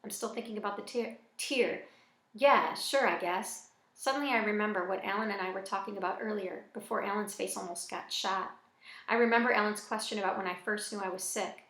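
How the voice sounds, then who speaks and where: Woman reading a novel aloud, bright. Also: mid-range voice, fast talker. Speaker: audiobook reader. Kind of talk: first-person novel reading. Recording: echoey room.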